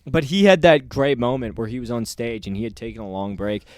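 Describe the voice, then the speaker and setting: A podcast co-host in his twenties tells a story in casual chat, his mid-range voice a little fast. He's an animated storyteller who acts out the quotes in loud voices, recorded at studio quality with no echo.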